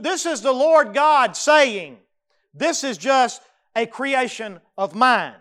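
A male pastor, delivering a sermon in a high and notably smooth, resonant voice. He is emphatic, hammers home repeated phrases and slips in folksy asides. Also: animated, takes it slowly, pushed and bright.

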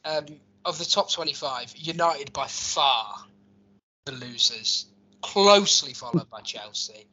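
A man's voice: a little high, a little slow, sharp tone. A man hosting a casual football chat, reading out rankings and joking as he rambles. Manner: jokey, rambling, reads out rankings. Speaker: podcast host. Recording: lo-fi recording.

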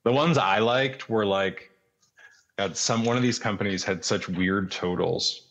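A man's voice: on the low side, a little slow, a bit bright. A man in casual chat, explaining how the politics work in a matter-of-fact way.

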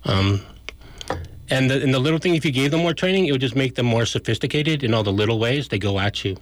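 A man's voice: mid-range voice, expressive, quick pace, dry recording. A man, an activist guest on a radio show, gives a blunt and argumentative political analysis in casual speech.

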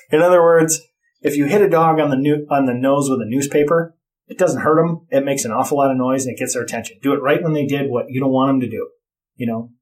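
A man's voice: medium pitch, a little mellow. A middle-aged man in casual chat, telling blunt, profane stories about parenting.

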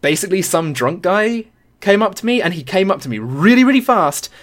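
A woman's voice: fairly low pitch, brisk. A young woman with a British accent tells a story casually on a podcast, swearing freely and acting out what others said. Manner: animated, swearing, acts out quotes. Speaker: podcast guest.

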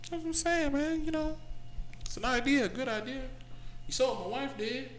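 A man's voice: very high-pitched, fairly quick, fairly bright tone, a little hiss or hum. A man co-hosting a casual chat, laid-back and profane, talking openly about his feelings. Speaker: podcast co-host. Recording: roomy echoing room.

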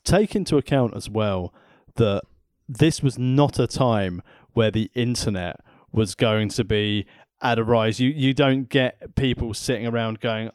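A man's voice: mid-range voice, measured pace, darkish tone, clean tone, dry recording. A man co-hosting a podcast, laying out background in a casual chat with dry jokes. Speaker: podcast co-host.

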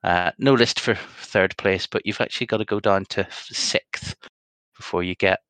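A man's voice: sits low, normal speed, a bit bright, clean tone, dry recording. A man co-hosting a podcast, chatting casually and rambling through results with many ums. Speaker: podcast co-host. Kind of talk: casual chat.

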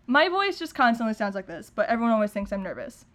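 Excitable young woman, nervous-sounding chatter. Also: a little high, quick pace. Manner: nervous-sounding, rambling with frequent fillers and restarts; excitable, laughs often. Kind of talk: casual chat.

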